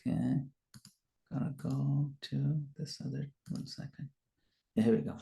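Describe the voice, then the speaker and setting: Male scripture teacher, mid pitch, lively storytelling, roomy sound. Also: a little slow, gravelly. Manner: animated retelling, acts out quoted lines loudly. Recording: echoey room.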